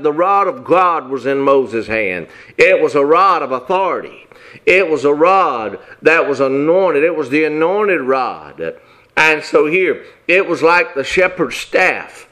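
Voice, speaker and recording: A man's voice: fairly high pitch, fairly bright tone. A man preaching a sermon in an emphatic, folksy way with lots of repetition.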